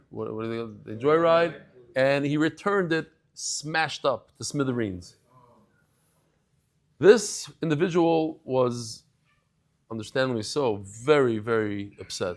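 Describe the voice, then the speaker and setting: A man giving a daily Talmud class, telling stories with lively acted-out quotes and sprinkling in Hebrew and Yiddish terms. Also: medium pitch. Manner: animated storyteller, acts out quoted voices. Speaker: daf yomi lecturer.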